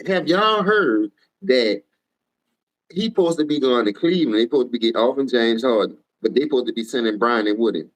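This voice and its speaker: A tired man with a New Orleans accent ranting profanely on a casual sports livestream, switching between low mumbles and loud outbursts. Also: expressive, fairly quick. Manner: profane, heated, jumps between mumbling and shouting.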